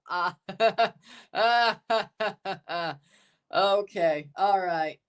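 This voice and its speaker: A man's voice: high-pitched, lively intonation, unhurried, long pauses, a bit bright. A man hosting a casual soccer watchalong livestream, rambling, chuckling and repeating himself as he reads out lineups and chats. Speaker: livestream host reading chat.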